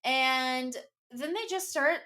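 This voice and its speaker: A woman's voice: high voice, slow, sharp tone. A young woman co-hosting a podcast, recapping a book in a wry, joking, irreverent way. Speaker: podcast co-host. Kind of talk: casual book-recap chat.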